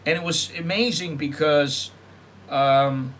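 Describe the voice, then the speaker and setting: A man's voice: a little high, takes it slowly, fairly bright tone. A middle-aged man from the United States telling stories in a rambling casual monologue, often correcting himself and acting out what people said. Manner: rambling, with self-corrections and acted-out quotes. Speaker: vlogger.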